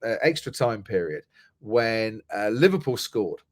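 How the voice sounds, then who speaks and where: A man's voice: on the low side, very animated, moderate pace, dry recording, clean studio sound. Chatty storytelling middle-aged Englishman. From England. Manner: chatty, storytelling, many restarts. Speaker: guest, motorsport commentator. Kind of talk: casual podcast chat.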